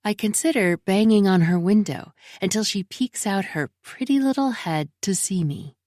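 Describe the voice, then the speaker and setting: A woman's voice: mid-range voice, moderate pace, a little mellow, no echo, studio quality. A woman reading a first-person thriller audiobook in a tense, brooding storytelling manner. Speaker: audiobook narrator.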